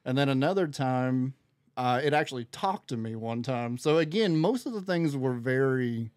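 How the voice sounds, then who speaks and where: A smooth, medium-pitched male voice at a moderate pace belongs to a podcast guest who chats casually and tells a lively story, performing the dialogue as he goes. The studio sound is clean with no echo.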